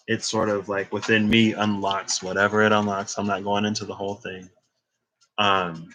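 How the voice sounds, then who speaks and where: A man's voice: fairly low pitch, pushed and bright. A man who reads tarot, rambling casually in a chatty monologue. He tells stories full of "like" and acts out the dialogue he quotes. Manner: heavy use of filler "like". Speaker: tarot reader.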